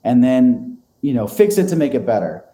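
A man's voice: medium pitch, sing-song, moderate pace, mellow, echoey room. A man telling a long story as an interview guest, rambling and self-deprecating, with many fillers and small laughs. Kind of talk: casual storytelling.

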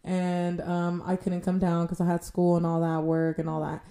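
A young woman co-hosting a casual podcast, speaking haltingly with deadpan jokes. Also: fairly low pitch. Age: young adult. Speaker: podcast co-host. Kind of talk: casual chat.

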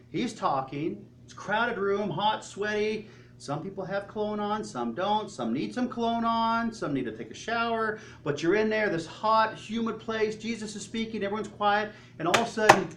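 A male pastor preaching a sermon, telling the story in an animated way and asking the congregation questions. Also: high-pitched, a little hiss or hum. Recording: echoey hall, faint ambience.

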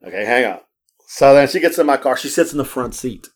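Fast-talking man telling road stories. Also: medium pitch. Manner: animated, acts out quoted voices, swears freely. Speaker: podcast host. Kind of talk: casual storytelling chat.

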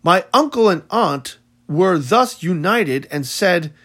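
A man narrating a first-person audiobook in a measured, solemn way. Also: high voice, expressive, a bit bright, slightly rough.

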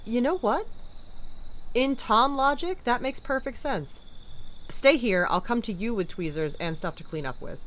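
Casting: a woman playing a dry, teasing, exasperated partner with a lively voice, audio drama. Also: on the high side, unhurried.

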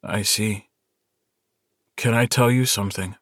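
A male narrator voicing a steady, earnest young werewolf alpha who talks in a calm, quietly firm way. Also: fairly low pitch, measured pace, dry recording, studio quality.

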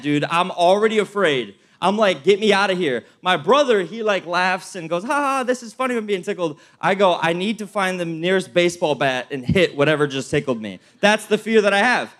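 A young man with a notably high voice delivers a casual youth sermon. He talks fast and loose, full of slang, stories and direct questions to the audience. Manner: energetic, casual slang, addresses crowd directly. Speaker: pastor. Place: event hall with live audience.

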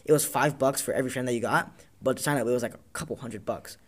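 A man's voice: medium pitch, fast. A man from Tacoma hosting a casual talk show, telling rambling, profane stories and acting out what people said. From Tacoma, Washington, US. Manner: rambling storyteller, profane, acts out quotes. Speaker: podcast host. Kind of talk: casual chat.

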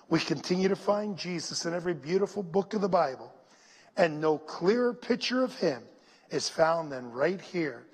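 Husky-voiced pastor preaching in a hall. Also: male voice, on the high side. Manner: preaching with call-and-response, growing hushed and whispery toward prayer. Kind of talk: sermon. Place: church. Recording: long hall reverb.

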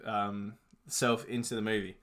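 A man's voice: fairly low pitch, flat delivery, measured pace, fairly bright tone. A young man chatting casually about films, rambling with lots of fillers and swearing. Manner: laid-back, rambling, many fillers and swearing. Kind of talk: casual chat reviewing movies.

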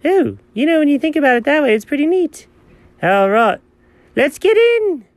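A man doing a squeaky, giddy young buddy. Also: sing-song, moderate pace, dry recording. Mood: delighted.

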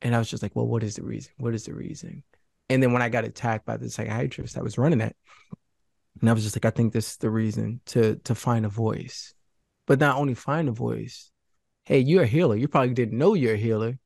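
A man speaks as a guest in a candid interview, earnest and halting as he restarts his thoughts. His voice has a gravelly edge. The sound is dry and close. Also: medium pitch, a little mellow, no room sound.

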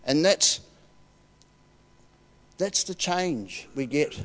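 A man's voice: fairly high pitch, lively intonation, extremely slow. Older New man preaching in a hall. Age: 60s. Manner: heartfelt, emotional, emphatic. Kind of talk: personal testimony sermon. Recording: reverberant church hall.

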